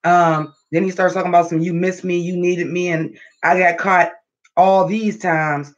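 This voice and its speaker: A man with a high voice chats and rants on a livestream, animated and full of profanity as he talks straight to his viewers. The audio is dull and lo-fi. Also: moderate pace. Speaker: livestream vlogger. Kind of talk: casual livestream chat.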